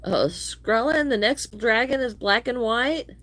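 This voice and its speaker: This middle-aged woman crochets while chatting casually with her livestream viewers, sounding slightly wheezy from allergies. Her voice is fairly high and a little bright, and she takes her time.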